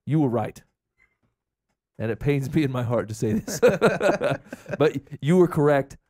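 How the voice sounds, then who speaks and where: A man's voice: mid-range voice, very animated, unhurried, dark tone. A young man co-hosting a casual chat, telling a self-deprecating story with jokes. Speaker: podcast co-host.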